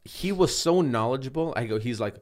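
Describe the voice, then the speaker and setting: A man in his thirties in casual chat, telling animated stories and acting out the dialogue. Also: medium pitch, fairly quick. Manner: animated storyteller, acts out quoted dialogue.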